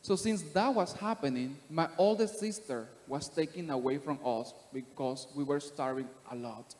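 A man from Panama, giving a steady, earnest personal testimony to a church congregation. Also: fairly high pitch, moderate pace. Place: church sanctuary. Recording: long reverb of a church hall.

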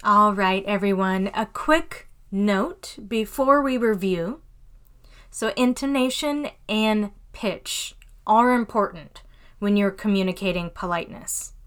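A woman hosting a podcast English lesson, reading example phrases slowly and clearly. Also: medium pitch, fairly bright tone. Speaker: English teacher and podcast host.

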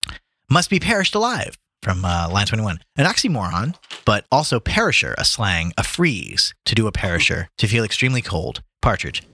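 Lively man reading a story aloud. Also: on the low side, fairly quick, slightly rough, dry recording. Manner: reads aloud with lively put-on voices for characters, stumbling over words. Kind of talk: casual reading and chat about a book.

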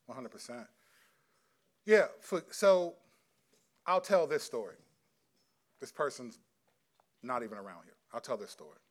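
Middle-aged pastor guy preaching, earnest and chatty, plain middle voice. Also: medium pitch. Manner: earnest, conversational, acts out quotes. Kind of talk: sermon with audience Q&A.

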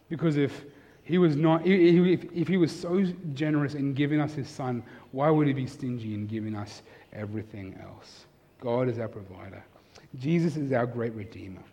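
A pastor delivering a sermon, swinging from emphatic, raised passages to soft, intimate ones. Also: male voice, medium pitch. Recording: long hall reverb.

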